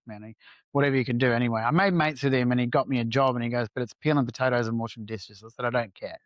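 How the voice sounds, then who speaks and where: A man's voice: mid-range voice, no room sound, highs cut off. A man talking as a podcast guest, telling a personal story candidly and casually, with some swearing and acted-out bits of dialogue. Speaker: entrepreneur guest.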